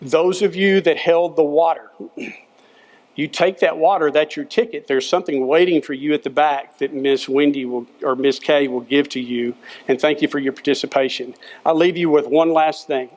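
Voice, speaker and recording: An older man with a drawl preaches at a school chapel, earnest and encouraging. His voice sits a touch high for a man, and he leans on short, repeated phrases in a folksy coaching manner. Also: fairly even intonation, moderate pace, a little mellow. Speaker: former football coach, chapel speaker.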